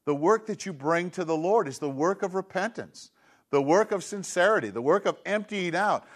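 A man's voice: sits high, lively intonation, normal speed. A man preaching a sermon in an earnest, conversational way, moving between teaching and everyday stories.

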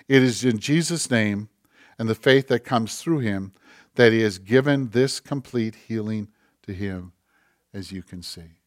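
A man preaching a sermon, moving between soft, conversational asides and forceful, rising preaching. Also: lowish voice, unhurried, dry recording, studio quality. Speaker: pastor.

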